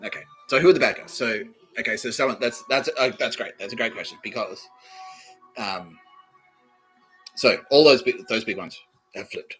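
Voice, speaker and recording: A man's voice: medium pitch, moderate pace, pauses often, a bit bright, husky, faint music behind, rough recording. A man hosting a podcast, rambling through a comedic monologue, laughing often, swearing and acting out quoted exchanges. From Australia. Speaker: podcast host.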